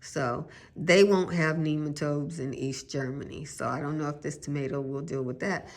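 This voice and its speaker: A woman's voice: deep voice, steady tone, normal speed. A woman gardening vlogger chatting casually and musing aloud, with self-deprecating asides. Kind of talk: casual chat.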